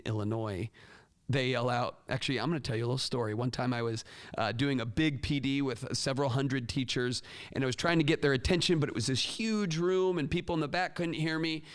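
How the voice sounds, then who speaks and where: A man hosting a casual advice talk for teachers, lively and animated, acting out classroom call-outs with big jumps in pitch. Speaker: podcast host and teacher educator.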